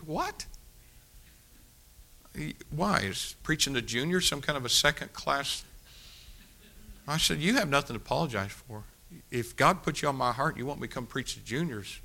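A male preacher with a lilt tells a revival story from the pulpit. His voice is bright and ringing, and his delivery is folksy and animated. He swings from loud emphasis to hushed asides. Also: a little high, creaky. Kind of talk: sermon storytelling.

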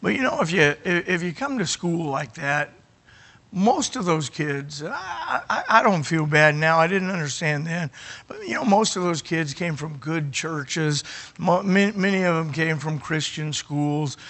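A middle-aged man preaching as he tells his own testimony, with an emotional delivery that swings from near shouts to quiet moments and often restarts his phrases. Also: on the high side, expressive, measured pace. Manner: emotional, rising to near shouting at climaxes, dropping quiet at others; repeats words and restarts phrases. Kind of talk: sermon storytelling.

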